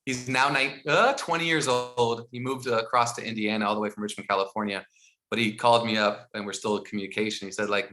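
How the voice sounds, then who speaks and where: Bright-voiced man telling stories. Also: fairly low pitch, brisk. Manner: animated, acts out dialogue, laughs while telling. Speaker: guest, founder of a school mindfulness program. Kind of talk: storytelling in a podcast interview.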